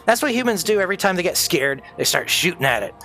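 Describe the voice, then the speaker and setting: A middle-aged man talks over his game in a sardonic, profane rant. His voice sits somewhat high, and faint music plays behind him. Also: big pitch swings, fast talker, vocal fry, pushed and bright. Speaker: streamer. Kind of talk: casual chat while gaming.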